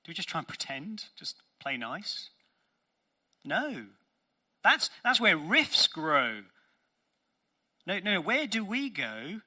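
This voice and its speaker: A man delivers a sermon in a very bright, forceful voice pitched a little high. He preaches earnestly, with emphatic phrasing and frequent rhetorical questions to the congregation. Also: very animated, takes it slowly, pauses often. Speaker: pastor.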